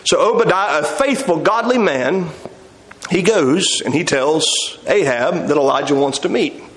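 High-voiced man preaching in an echoing room. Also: a little slow. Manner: animated storytelling, acts out the quotes, chuckles. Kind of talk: sermon. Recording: echoey room.

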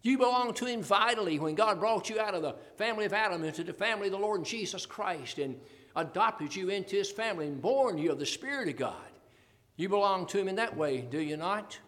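A man delivering a sermon in a high voice, pressing his listeners with repeated rhetorical questions and the odd chuckle. His voice rings out with a long reverb, as in a large hall. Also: expressive, brisk, fairly bright tone. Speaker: preacher.

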